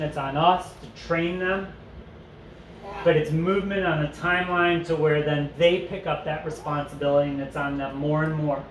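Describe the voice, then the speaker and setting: A man teaching a parent study group in a casual, joking way, reading passages aloud and commenting on them. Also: a little high. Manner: conversational, joking asides, reads aloud and comments. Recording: echoey room with faint noise.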